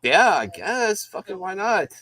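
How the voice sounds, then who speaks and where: A man's voice: high voice, very animated, a little slow, pushed and bright. A middle-aged man, co-host of a live show, rambling through a profane story and acting out the quotes. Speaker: podcast co-host.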